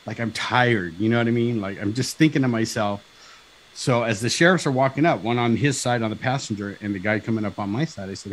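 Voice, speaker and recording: Animated middle-aged man telling his story. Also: mid-range voice, a little fast, poor audio. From Southern California. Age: 50s. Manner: animated, acts out dialogue, frequent "right?" and "like". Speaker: guest. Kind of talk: personal storytelling on a talk show.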